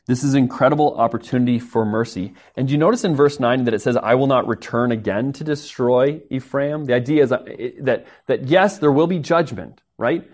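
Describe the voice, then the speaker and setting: A man's voice: mid-range voice, normal speed. A man preaching a sermon in a conversational way, often tossing in "right?" asides to his listeners. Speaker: pastor.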